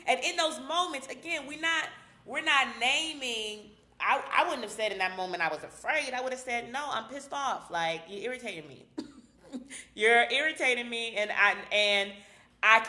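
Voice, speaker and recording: A woman's voice: on the high side, bright, forceful tone, reverberant. A woman psychologist hosting a live stream, talking candidly and casually to viewers with slang and frequent laughs. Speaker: psychologist host.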